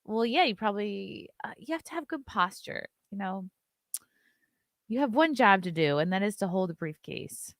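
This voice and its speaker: A woman's voice: medium pitch, animated, normal speed, dry recording, studio quality. A woman hosting an opinionated commentary show, ranting with sarcasm and profanity. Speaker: host.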